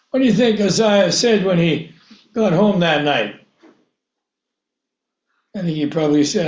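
A man preaching a sermon, reading scripture aloud and acting out biblical characters in a slow, deliberate way. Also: high-pitched, expressive. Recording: echoey room, dull lo-fi sound.

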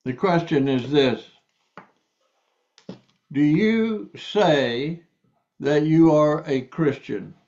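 A man preaching a sermon, reading scripture aloud and explaining it slowly and deliberately, stressing key words. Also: fairly high pitch, darkish tone, muffled recording.

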